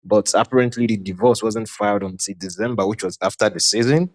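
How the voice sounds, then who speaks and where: A man calling in to a show, giving his opinion in a measured, reasoning way. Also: on the low side, fairly even intonation, a little mellow. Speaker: caller. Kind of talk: casual call-in comment.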